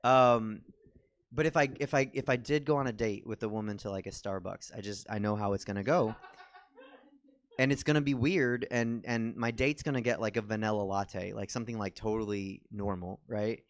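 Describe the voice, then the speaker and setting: A forty-year-old man hosting a small comedy show, telling rambling, self-deprecating stories full of ums and likes. His voice sits a little low, and the sound is dry and close. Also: moderate pace, no echo. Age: 40s. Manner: rambling, self-deprecating storytelling with many fillers. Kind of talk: stand-up comedy. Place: small comedy theater stage.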